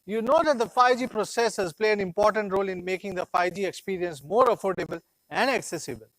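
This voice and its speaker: A man's voice: high voice, fast, a bit bright, dry recording, low-quality recording. Proud man giving a keynote. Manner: proud, rallying and declamatory. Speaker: company executive presenting a product launch. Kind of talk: scripted keynote speech.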